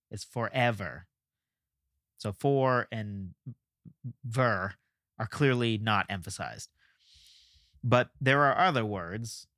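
A man's voice: medium pitch, pushed and bright, dry recording, clean studio sound. A male podcast host explaining ideas in a casual monologue, thinking aloud with restarts and checking in with "right?".

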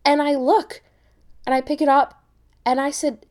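A young American woman hosting a podcast, telling a travel story in an animated way with many quick restarts. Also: high voice. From United States. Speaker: podcast host. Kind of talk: casual storytelling.

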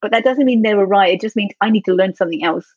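Woman guest, earnest and open, breathy tone, dead-dry lo-fi capture. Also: medium pitch, racing, darkish tone, dry recording. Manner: heartfelt, earnest, easily moved. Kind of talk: candid personal storytelling. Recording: dull lo-fi dry sound.

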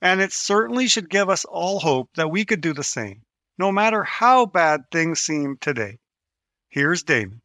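A man introduces a podcast clip in a bright, animated voice that sits high for a man. The sound is dry and close, and he comes across as upbeat. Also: normal speed, no room sound. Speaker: podcast host.

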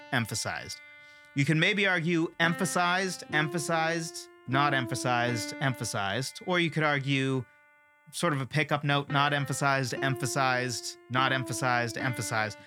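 A man's voice: medium pitch, sharp tone, no echo, clean studio sound. Opinionated man ranting about songwriting. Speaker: songwriting teacher. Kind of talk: casual lesson on songwriting.

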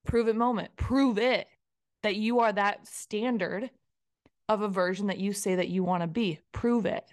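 A woman's voice: mid-range voice, normal speed. A woman hosting a podcast, speaking casually in a motivational solo talk and acting out inner voices with playful asides. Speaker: podcast host.

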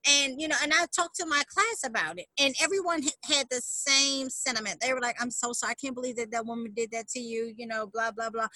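A woman's voice: on the high side, brisk, few pauses, sharp tone, dry recording, rough recording. A woman dog trainer telling a story as an interview guest, emphatic and acting out what people said. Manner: emphatic, re-enacts quotes with rising intensity.

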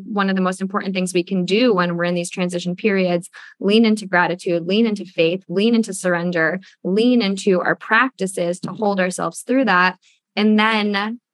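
A woman's voice: mid-range voice, no room sound. A young woman hosting a podcast, talking in an effusive, casual way, with lots of "like" and the odd swear word. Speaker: podcast host.

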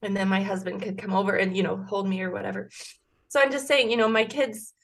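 A woman's voice: medium pitch, fairly even intonation, fast, creaky. A woman in her forties telling a personal story as a podcast guest, earnest and emotional, with frequent restarts. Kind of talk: casual conversation.

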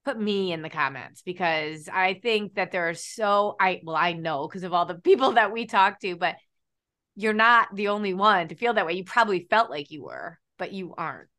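A woman's voice: fairly low pitch, expressive, moderate pace, pushed and bright. A woman hosting a casual interview, enthusiastic and encouraging as she asks questions. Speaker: host.

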